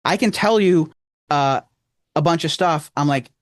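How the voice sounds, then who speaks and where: A man with a Rochester accent co-hosting a podcast, talking in a rambling, earnest way with emphatic swings in pitch. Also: unhurried, no echo, studio quality. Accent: Rochester, New York. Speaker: podcast co-host. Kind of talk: casual chat.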